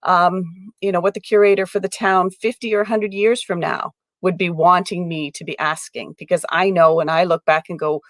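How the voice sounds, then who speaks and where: A woman's voice: fairly low pitch, fairly even intonation, moderate pace, hardly any pauses, no room sound. A woman museum curator on an online panel, speaking reflectively. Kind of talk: panel discussion.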